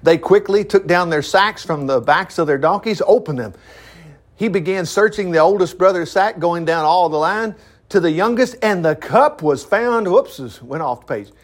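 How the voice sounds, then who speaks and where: A man's voice: high voice, animated, normal speed. A man reading a Bible story aloud as a teacher, breaking off for chatty, laughing asides. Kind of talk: reading scripture with commentary.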